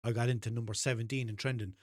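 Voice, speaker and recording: A man's voice: mid-range voice, fairly even intonation, quick pace, no room sound. Limerick irish guy rambling on his podcast, swears a lot, dry close sound. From Limerick, Ireland. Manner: rambling, swears freely, laughs at himself. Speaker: podcast host. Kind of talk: casual solo podcast chat.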